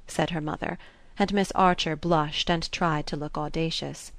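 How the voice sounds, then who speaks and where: A woman narrating a classic novel, her voice low and steady. The reading is measured and even, recorded dry and close with no room around it. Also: no room sound. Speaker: audiobook narrator.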